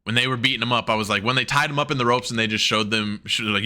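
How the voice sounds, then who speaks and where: Give me an animated man co-hosting a wrestling podcast, bright voice. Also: racing, hardly any pauses. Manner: animated, swearing, laughing often, acting out quotes in a higher voice. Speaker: podcast co-host. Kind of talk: casual chat. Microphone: headset.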